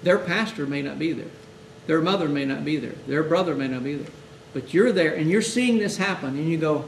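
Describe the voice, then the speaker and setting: A man's voice: a little high, a little fast, creaky, hardly any pauses. A man teaching hospital chaplains in a conversational lecture, often acting out exchanges with grieving families. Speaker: chaplain instructor. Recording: echoey room, mic far off, faint hiss.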